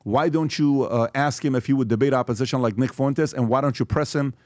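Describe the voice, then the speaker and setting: Animated man hosting a podcast. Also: mid-range voice, fairly quick, no room sound, studio quality. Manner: animated, acts out quotes and reads tweets aloud. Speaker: podcast host. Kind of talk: casual podcast talk. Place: podcast studio.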